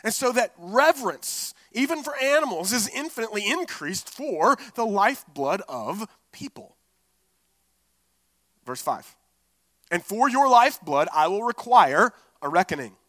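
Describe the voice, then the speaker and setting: Preacher, male, high bright voice, lively and conversational, dry close mic. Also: unhurried, dry recording. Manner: expressive preaching, casual asides with "like" and "right?". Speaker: pastor. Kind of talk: sermon.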